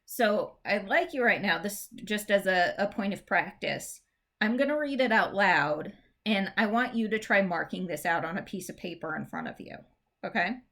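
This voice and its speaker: A woman teacher giving a recorded English lesson. She explains in a chatty, informal way and reads verse lines slowly, stressing the beats. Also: medium pitch, expressive, fairly bright tone. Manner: chatty, informal fillers and restarts.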